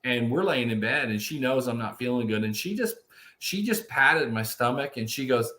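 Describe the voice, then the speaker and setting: Man, fifties, bright forceful voice, emphatic, motivational, casual chat. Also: mid-range voice, animated, moderate pace. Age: 50s. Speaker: podcast co-host.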